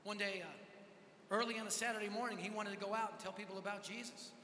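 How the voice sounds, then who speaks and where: A man preaching at a conference, telling a story with energetic, dramatic swings from loud to hushed. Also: sits high, fast talker, slight background noise. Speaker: conference speaker. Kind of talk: storytelling sermon. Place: large hall. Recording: echoey hall with long reverb.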